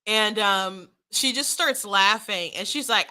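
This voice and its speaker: A woman's voice: medium pitch, unhurried, hardly any pauses, bright, forceful tone. A young woman giving casual political commentary, chatty, often laughing and restarting her sentences.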